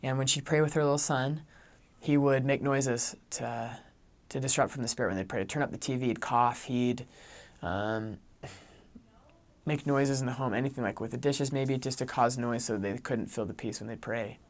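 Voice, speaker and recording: Speaking at normal speed in a medium-pitched voice, a young returned missionary chats animatedly through a story, relying heavily on "like."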